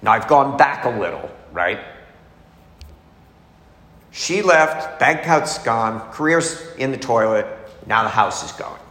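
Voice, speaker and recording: A man's voice: medium pitch, animated, slow pace, long pauses, a bit bright. A middle-aged man telling his recovery story in a candid, confessional way, as a speaker at a meeting. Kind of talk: personal testimony talk. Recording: echoey hall, faint noise.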